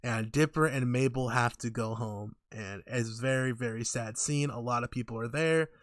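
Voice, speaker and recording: A young man in casual podcast chat, retelling a cartoon with loose, swearing storytelling. His voice sits at an ordinary pitch, and the recording is close and dry with no room sound. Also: no room sound. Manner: loose, profane storytelling with quick put-on character voices. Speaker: podcast co-host.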